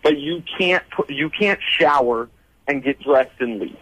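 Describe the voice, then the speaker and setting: Husky-voiced man arguing football. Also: mid-range voice, lively intonation, unhurried, fairly bright tone, rough recording. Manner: argumentative, storytelling. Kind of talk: casual sports radio banter. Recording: radio studio mic.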